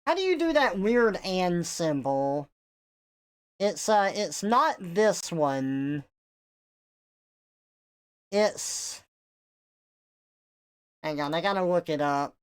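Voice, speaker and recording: Slow, mumbly Southern woman streamer. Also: fairly low pitch, sing-song, clean tone. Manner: slightly mumbled, soft pronunciation. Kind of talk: casual live-stream chat.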